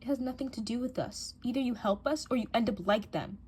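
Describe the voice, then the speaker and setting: A woman's voice: a little high, brisk, darkish tone, breathy edge. Woman voicing a cold, taunting scheming girl. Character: bossy scheming teen girl in doll drama. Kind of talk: doll drama voice acting.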